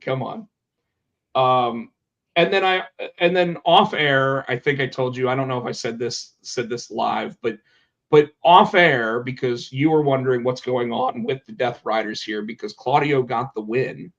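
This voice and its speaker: A man hosting a podcast in casual chat, animated and quick to swear. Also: mid-range voice. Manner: animated, swears, acts out quotes. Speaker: podcast host. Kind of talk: casual chat about pro wrestling. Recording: dull lo-fi sound.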